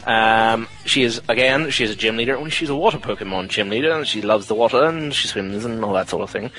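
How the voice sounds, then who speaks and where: A man's voice: on the low side, fast talker, fairly bright tone, rough recording. A young man, a podcast host chatting casually and jokily, rambling with fillers. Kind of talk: casual chat.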